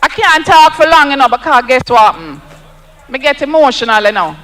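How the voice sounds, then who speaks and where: High-pitched Jamaican man rousing a rally. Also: very animated, a little fast, pushed and bright, big-room sound, low-quality recording. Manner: emphatic, rousing, repeats for effect. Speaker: political speaker at a rally. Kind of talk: campaign rally speech. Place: outdoor campaign rally.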